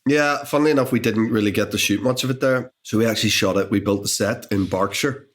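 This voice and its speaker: A Northern Irish actor in his thirties, with a lowish voice and a quick pace, chats animatedly as a guest in a casual interview over a lunch table indoors. He often repeats words as he thinks.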